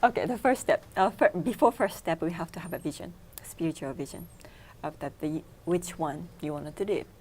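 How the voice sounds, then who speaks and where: Low-voiced Japanese woman explaining meditation steps. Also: normal speed, hardly any pauses, a little mellow. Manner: explains in numbered steps, simple non-native grammar. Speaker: meditation instructor, guest. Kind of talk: TV interview, explaining. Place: local TV studio.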